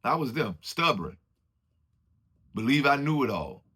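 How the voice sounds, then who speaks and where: A man's voice: medium pitch, big pitch swings, a little slow, sharp tone, husky. A man giving an informal, preachy motivational talk, acting out what other people say as he goes. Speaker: motivational speaker.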